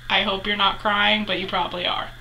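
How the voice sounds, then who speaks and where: A woman's voice: medium pitch, level tone, a little fast, background noise. A young adult woman chatting casually as a vlogger, retelling a story with lots of 'like' fillers.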